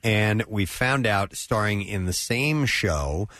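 A man's voice: lowish voice, lively intonation, slow, a bit bright, no echo, clean studio sound. A man hosting a radio show, wrapping up a segment and plugging events in an upbeat promo style. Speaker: radio host. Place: radio studio.

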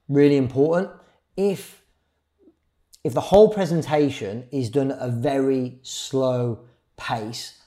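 Man coaching on public speaking, dark voice. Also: mid-range voice. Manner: varies speed and loudness, pauses for effect. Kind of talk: live workshop talk.

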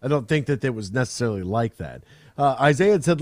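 A man hosts a sports talk show, rambling and animated, slipping into mocking voices to poke fun at players. His voice sits in a middle pitch and the studio sound is close and dry. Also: fast talker, no echo. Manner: animated, rambling, mocks players with put-on quotes. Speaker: sports radio host.

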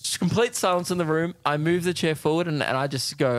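Australian man telling a deadpan story. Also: a little high, quick pace, hardly any pauses, no room sound. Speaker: podcast co-host comedian. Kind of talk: casual podcast banter.

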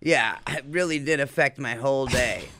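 A man's voice: medium pitch, normal speed, pushed and bright. A man co-hosting a casual radio show, blunt and teasing with his wisecracks. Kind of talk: casual morning show banter.

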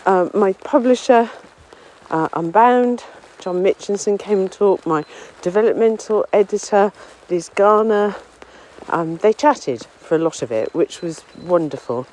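A woman's voice: mid-range voice, animated, a little slow, a little mellow, rough recording. A woman rambles cheerfully while walking through trees on a windy common, a little out of breath. She talks in a chatty, self-deprecating way, and faint outdoor noise sits behind her voice. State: slightly out of breath. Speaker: local author and podcast contributor. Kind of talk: casual spoken diary on a walk. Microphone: phone or portable recorder, no headphones.

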